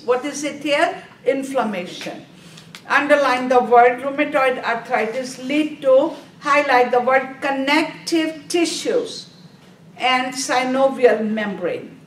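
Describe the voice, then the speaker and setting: A woman lectures a nursing review class at a slow, deliberate pace, posing questions and answering them herself. Her voice sits a little high. She is recorded from a distance in an echoey room with faint background noise. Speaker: nursing exam instructor.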